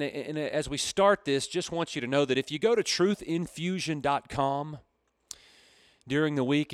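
A man's voice: on the high side, no room sound, studio quality. Storytelling male radio preacher. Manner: storytelling, repeats key phrases. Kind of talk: radio sermon.

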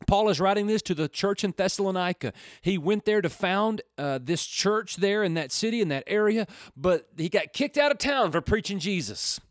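A middle-aged radio preacher with a high-pitched, lively voice teaches the Bible and prays on a Christian radio program, speaking at normal speed with few pauses. He's earnest and folksy and rises to fervent appeals, recorded in studio quality with no echo.

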